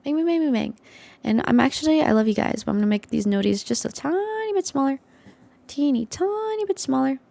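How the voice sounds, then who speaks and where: Bubbly high-voiced young woman streamer. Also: lively intonation, brisk, creaky, dark tone, no echo. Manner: bubbly, hype, high-energy. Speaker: livestream host. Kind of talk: casual live stream chat. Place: home desktop streaming setup.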